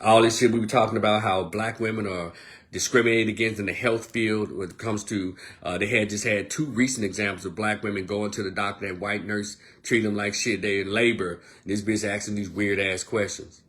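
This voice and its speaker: A man delivering a blunt, profane monologue as an online commentator, swinging between loud outbursts and low, quieter stretches. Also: brisk. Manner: blunt, profane, animated rant. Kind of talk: casual ranting monologue.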